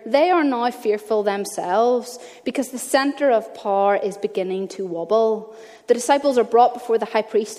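A woman's voice: fairly high pitch, a little mellow. A woman preaching a sermon in an earnest, conversational way, mixing Bible reading with personal stories. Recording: long reverb of a church hall.

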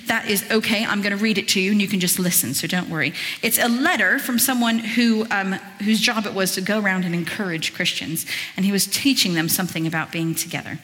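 A woman's voice: mid-range voice, long reverb tail. A woman giving a sermon as a guest speaker, talking conversationally with chatty asides and reading scripture aloud with expression. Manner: reads scripture aloud in a lively voice. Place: church.

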